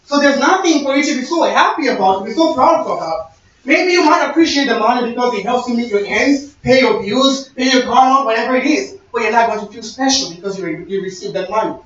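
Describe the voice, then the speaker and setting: A man's voice: very high-pitched, lively intonation, fairly quick, fairly bright tone. A young man giving a sermon-style talk, conversational and storytelling with quoted dialogue. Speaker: speaker. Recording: echoey, distant, dull-sounding room recording.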